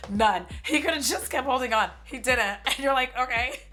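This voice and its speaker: High-pitched, bright, and forceful, a woman in her forties moves at a moderate pace through a sarcastic, casual movie recap for her commentary stream. She chats easily, uses "like" constantly, and swears freely.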